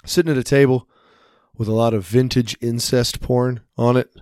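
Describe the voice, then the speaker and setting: A man's voice: medium pitch, fairly even intonation, moderate pace, darkish tone, clear, resonant tone, no echo. Man, podcast co-host, casual rambling storyteller, frequent swearing, dry recording. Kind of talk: casual chat.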